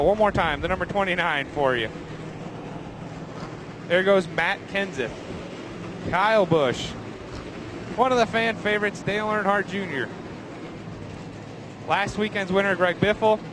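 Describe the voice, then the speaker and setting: A man with a high voice calls out race cars as they roll by, upbeat and quick to name each driver. He's recorded outdoors beside the garages, with engines and track noise loud around him. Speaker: host. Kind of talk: trackside commentary.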